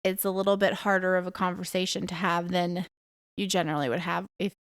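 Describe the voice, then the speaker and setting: A woman's voice: on the low side, level tone, brisk, clear, resonant tone, dry recording, clean studio sound. A woman in her thirties hosting a podcast alone, talking frankly and bluntly and swearing freely. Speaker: podcast host. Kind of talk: casual monologue podcast.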